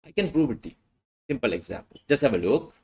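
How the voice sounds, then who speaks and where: A man's voice: medium pitch, very animated, fast, darkish tone, low-quality recording. A male lecturer teaching a class, often asking "what?" and answering himself. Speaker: accounting lecturer.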